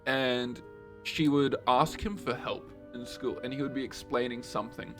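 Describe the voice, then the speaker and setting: A man's voice: medium pitch, steady tone, normal speed, fairly bright tone, faint music behind. A young man streaming a game, casually telling a story in a laid-back way, swearing and laughing as he goes.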